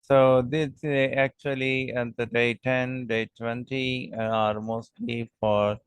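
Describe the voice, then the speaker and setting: A man teaching an English lesson, reading example sentences aloud with pauses, frequent "uh"s and checks like "okay?". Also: medium pitch, flat delivery, clean tone, no echo, poor audio.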